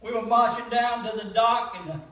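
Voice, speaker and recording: Older man, high-pitched folksy comic, laughs at own jokes; echoey hall, distant mic. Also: normal speed, fairly bright tone. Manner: folksy joke-telling, laughing at his own punchlines. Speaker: comedian. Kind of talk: comic monologue at a church gathering. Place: church hall.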